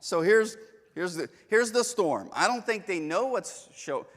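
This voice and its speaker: A man's voice: high-pitched, expressive, a little slow, big-room sound. Joking male Bible class teacher. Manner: chatty, joking, storytelling. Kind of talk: casual church lesson with anecdotes. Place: church hall.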